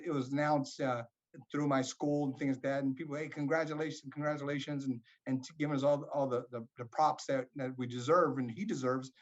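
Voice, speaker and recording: A man who coaches boxing rambles reflectively in a casual interview. His voice sits a little high, and the audio sounds somewhat dull.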